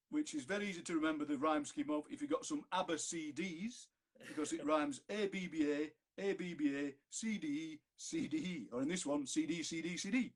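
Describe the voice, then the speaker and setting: A Yorkshire man with a husky, somewhat raised voice, joking between poems and then reading them aloud. He is heard through a video call. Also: on the high side. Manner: chatty, jokey, reads verse aloud. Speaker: poet reading at an online fundraiser. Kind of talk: poetry reading with chat.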